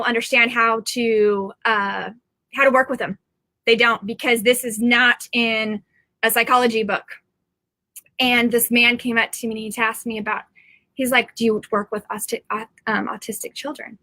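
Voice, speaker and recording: A middle-aged woman talks straight to her viewers in a loose, rambling live stream from home. Her voice is bright and sharp, and it sits dry and close with almost no room sound. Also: on the high side, steady tone, normal speed, dry recording. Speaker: psychic medium.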